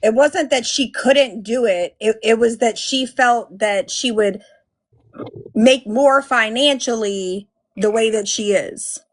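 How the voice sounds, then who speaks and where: A woman's voice: on the high side, slow. A woman hosting a casual live commentary stream, blunt and profane, thanking viewers by name. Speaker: livestream host.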